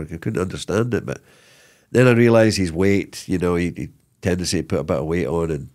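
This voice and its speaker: A middle-aged man, a former footballer, telling stories in a casual interview, rambling and animated with many restarts. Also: sits low, a little fast. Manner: animated, rambling, lots of repeated starts and "you know what I mean".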